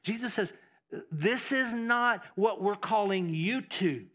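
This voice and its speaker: A man's voice: high voice, takes it slowly, bright, forceful tone. A man preaching a sermon as pastor, emphatic, repeating phrases, with fillers and restarts.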